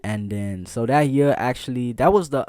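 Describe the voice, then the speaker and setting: A man telling a childhood story in casual, animated chat, laughing often and peppering it with slang. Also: mid-range voice, moderate pace, no echo, studio quality. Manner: animated, laughing, slangy, frequent "bro" and "see what I'm saying". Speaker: vlogger.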